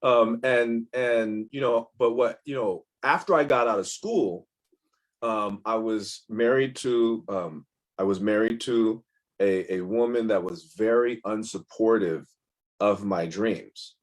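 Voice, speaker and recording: A man's voice: on the low side, slow. A man, a guest in an interview, telling personal stories candidly in a rambling way, with many restarts. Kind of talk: casual interview storytelling.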